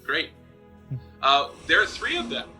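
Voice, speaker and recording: A man running a tabletop game as dungeon master, narrating lively and acting out monster screams. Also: a little high, unhurried, soft background music.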